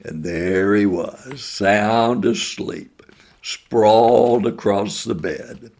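Older man spinning school stories, slow and low, gravelly husky voice, folksy. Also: darkish tone. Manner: slow, homespun, chuckling asides. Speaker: retired school principal and storyteller. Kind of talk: folksy spoken storytelling.

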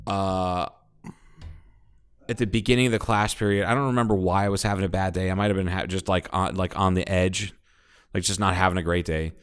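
A man's voice: deep voice, flat delivery, a little fast, smooth. A man from Ohio, co-hosting a podcast, tells a rambling, profanity-filled story with lots of restarts. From Ohio, United States. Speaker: podcast co-host. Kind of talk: casual storytelling chat.

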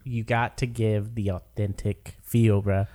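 A man's voice: lowish voice, flat delivery, measured pace, warm tone. A man in casual chat with friends, teasing and calling people bro.

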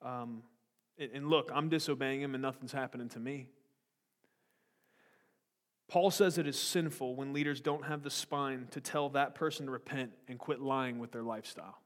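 A man's voice: medium pitch, fairly even intonation, normal speed. A man preaching a sermon in a church, blunt and confrontational with joking asides. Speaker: pastor. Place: church sanctuary. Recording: long echo of a large hall.

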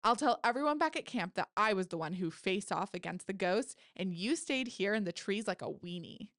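A bold teenage girl camper, put on by a woman reading her story aloud, who teases and mocks her friend. The tone is brash, in an everyday pitch. It is recorded close and dry, with no room echo. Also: expressive, moderate pace, fairly bright tone. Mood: teasing. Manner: brash, mocking.

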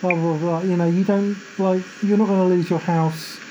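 Woman host, low-ish mellow voice, chatty, says you know and like a lot. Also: steady tone, normal speed, highs cut off, slight background noise. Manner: chatty and agreeing, lots of fillers like "you know". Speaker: podcast host. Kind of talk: casual faith podcast chat.

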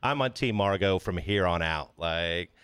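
Male podcast co-host, low-ish voice, clear and dry, chatty and enthusiastic. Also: expressive, measured pace, fairly bright tone, dry recording. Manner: enthusiastic, chatty, swears casually. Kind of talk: casual film discussion.

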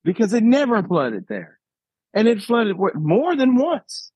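A man co-hosting a casual podcast with a gravelly, husky voice, joking in a slow, dry way. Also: high voice, wildly swooping pitch, a little mellow, dry recording. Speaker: podcast co-host. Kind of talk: casual chat.

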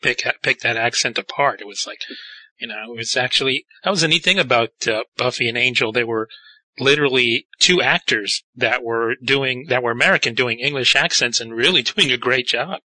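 A man's voice: medium pitch, brisk, sharp tone, no room sound, low-quality recording. A man hosting an interview, eager and fan-like, with many fillers. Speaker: interviewer host. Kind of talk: casual interview chat.

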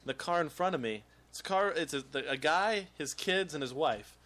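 A man's voice: fairly high pitch, lively intonation, normal speed, sharp tone. A man hosting a podcast, telling rambling stories in casual chat and laughing often. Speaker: podcast host.

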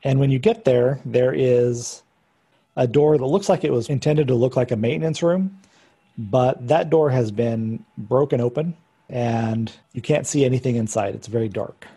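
Husky-voiced man running a tabletop game. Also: mid-range voice, moderate pace, lo-fi sound. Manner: calm, descriptive, explains rules patiently. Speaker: game master.

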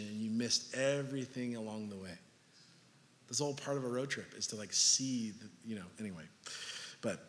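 Man, 30s, pastor, sermon, animated, jokey, forceful bright tone, long hall reverb. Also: on the high side. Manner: animated, jokey, acts out little scenes.

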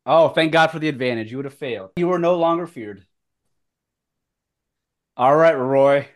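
A man running a tabletop game as game master, swearing and laughing often, with loud outbursts. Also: on the high side, moderate pace.

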